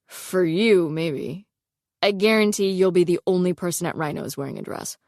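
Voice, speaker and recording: A smug teenage boy next door, all dry mocking banter, sits a little low in his voice, as a woman reads him. He needles the girl beside him with a deadpan tease. The reading is dry and close, with no room around it. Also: moderate pace, no echo, close to an everyday voice. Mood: teasing.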